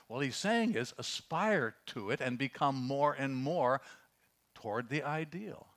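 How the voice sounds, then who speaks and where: A pastor preaching a sermon, reading scripture and telling stories, dropping to a hush and then rising for emphasis. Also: male voice, medium pitch, expressive, a little slow. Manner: earnest preaching, swings from hushed storytelling to raised emphasis; reads scripture aloud, with fillers and restarts.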